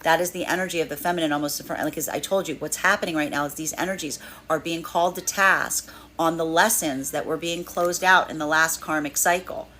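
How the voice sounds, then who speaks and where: Low-voiced woman giving a tarot reading. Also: steady tone, fairly quick, hardly any pauses, bright, forceful tone, slight background noise. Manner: flowing, spiritual, repeats phrases while acting out inner voices. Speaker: tarot reader. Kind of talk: tarot card reading monologue.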